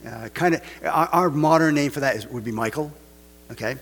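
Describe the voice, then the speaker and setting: A man's voice: on the high side, fairly quick, fairly bright tone, husky, in a large hall, soft background music. A man preaching a casual sermon, full of rhetorical questions and joking asides. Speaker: pastor.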